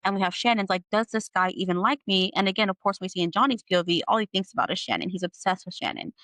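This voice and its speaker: A woman's voice: medium pitch, lively intonation, racing, fairly bright tone, no room sound, low-quality recording. A woman hosting a podcast, recapping a novel in an analytical way with many "like" and "you know" fillers. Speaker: podcast host. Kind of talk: book recap discussion.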